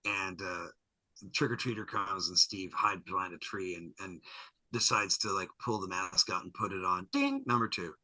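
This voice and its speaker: A man guest on a podcast, recapping an episode in a lively, jokey way and slipping into character voices. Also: deep voice, normal speed, dry recording, rough recording. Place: podcast studio.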